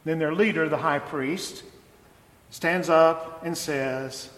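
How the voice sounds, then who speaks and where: A pastor preaching a reflective sermon, slowing down for emphatic phrases. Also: male voice, on the high side, a bit bright, echoey room, big-room sound, rough recording.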